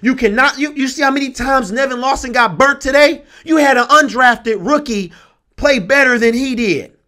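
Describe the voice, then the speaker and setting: A man's voice: very high voice, moderate pace, sharp tone. A young man ranting with passion and exasperation about his team's loss, repeating himself as a sports vlogger.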